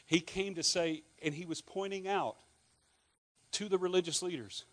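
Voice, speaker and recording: A middle-aged Scottish man preaches with a somewhat higher-pitched voice. He keeps it conversational, asking the congregation questions and adding joking asides. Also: moderate pace, a bit bright. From Scotland. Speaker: pastor. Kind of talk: sermon.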